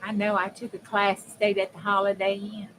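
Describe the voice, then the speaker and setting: Hosting a relaxed crafting stream, a woman chats and laughs often with her viewers, speaking fairly quickly in a mid-range, fairly bright voice with a completely flat delivery. Her desk mic picks up poor audio in a home craft room where an air conditioner runs and a fan hums faintly.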